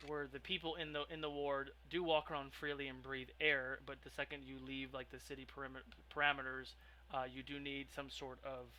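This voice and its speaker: A man's voice: mid-range voice, flat delivery, a little fast, pushed and bright. A man narrating as game master of a tabletop role-play, rambling with lots of ums and restarts. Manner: rambling, filler-heavy, self-interrupting.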